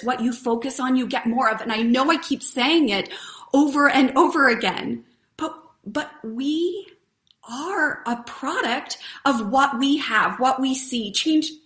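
A woman's voice: sits high, a bit bright. A woman hosting a live stream, giving a casual, earnest motivational talk and chatting with viewers. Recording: roomy echo.

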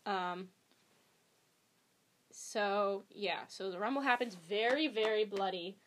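A woman's voice: medium pitch, takes it slowly, slight background noise. A young woman chatting casually as a podcast guest, rambling with many ums and likes. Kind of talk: casual chat.

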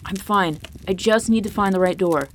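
A woman reading the part of a young man, a hero who speaks urgently and shouts. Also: medium pitch, normal speed, a little hiss or hum, close to an everyday voice.

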